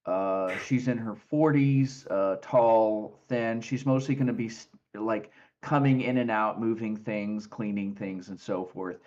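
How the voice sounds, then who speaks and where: A man running a tabletop game, narrating in a relaxed, rambling way with many fillers. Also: on the low side, dull audio. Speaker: game master.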